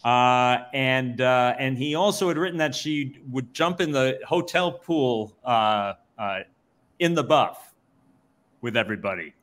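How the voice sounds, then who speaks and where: Male host, mid-pitched, easygoing questioner with fillers. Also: lively intonation, measured pace, fairly bright tone. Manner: prompting questions with hesitant fillers and laughs. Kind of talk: live-stream interview.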